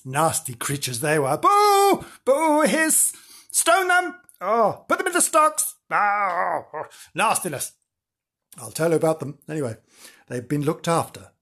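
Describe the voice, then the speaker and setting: A man telling a ghost story in a theatrical, hammy way, sinking to hushed whispers for the spooky parts. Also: on the high side, breathy edge. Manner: theatrical, hammy, booing and hissing at villains. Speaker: storyteller and show host.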